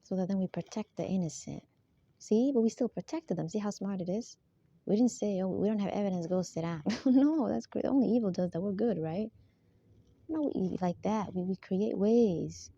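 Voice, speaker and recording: A woman's voice: mid-range voice, moderate pace, vocal fry, mellow, husky. A woman in a rambling monologue who keeps asking for agreement and laughs between her points. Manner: rambling, repeatedly seeks agreement. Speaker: spiritual vlogger. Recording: dull lo-fi dry sound.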